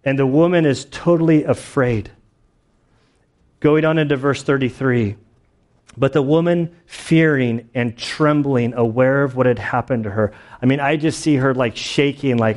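A male pastor teaches through a Bible passage in a loose, conversational way. He rambles, circles back and fills his speech with filler words and small laughs. His voice sits at an ordinary middle pitch. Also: moderate pace, darkish tone.

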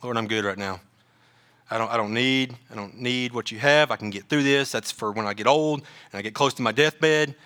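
Preacher doing a dismissive man who insists he's fine, brighter tone, low and quiet. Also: moderate pace, close to an everyday voice. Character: self-assured man brushing off God's call.

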